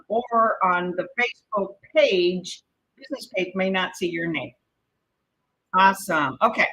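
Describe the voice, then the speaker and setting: A woman's voice: on the low side, bright, forceful tone, a little hiss or hum, poor audio. A woman with a Mexican Spanish accent teaching a live-streamed exam prep lesson, chatty and encouraging, often checking in with "okay?". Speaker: real estate exam prep instructor.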